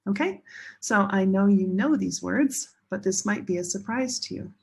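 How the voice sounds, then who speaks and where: A woman teaching English pronunciation in a classroom lesson, slowly modeling each word and stressing syllables with care. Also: medium pitch, lively intonation, a little mellow. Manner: slow, deliberate modeling of words with clear stress.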